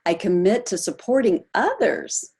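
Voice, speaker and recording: A woman coaching a group on a video call, animated, asking her listeners questions and acting out example voices. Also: mid-range voice, unhurried, vocal fry, breathy edge. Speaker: health coach.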